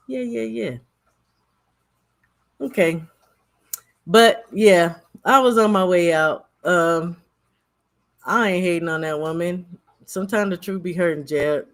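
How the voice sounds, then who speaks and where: Host, slow drawl, sarcastic, casual commentary. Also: medium pitch.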